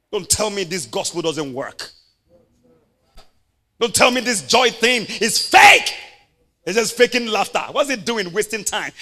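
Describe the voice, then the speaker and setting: A man preaching a sermon in a Nigerian English accent, laughing often and breaking into shouts. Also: sits high.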